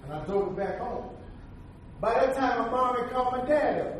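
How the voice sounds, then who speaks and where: At a moderate pace, a very high-pitched man tells a personal story as a sermon testimony, emphatic and folksy, adding asides as he preaches. He is captured from a distance in a very echoey hall, with faint background noise.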